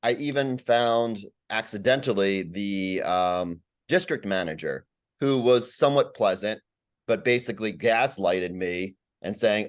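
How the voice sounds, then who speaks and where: A man's voice: on the low side, expressive, normal speed. A man giving a rambling, aggrieved public comment at a community meeting, full of fillers and repeated words.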